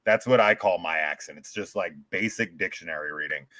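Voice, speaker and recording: A man's voice: deep voice, brisk, bright, forceful tone, no room sound. A man from California with a Californian American accent, co-hosting a casual, jokey chat. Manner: laid-back, jokey, laughs often. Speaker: podcast co-host.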